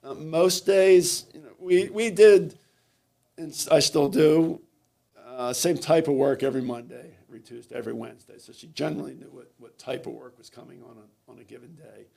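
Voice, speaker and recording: A man, a swim coach, telling stories in an interview, halting and repeating words as he goes. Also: fairly high pitch, creaky, mellow. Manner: halting, repeats words, acts out quoted lines. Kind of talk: conversational interview storytelling.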